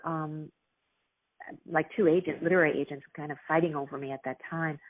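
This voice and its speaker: A middle-aged woman, an author and actress, telling stories earnestly and reflectively in an interview, with many pauses and restarts. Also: low-pitched. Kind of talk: casual interview storytelling. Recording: tinny phone-like line.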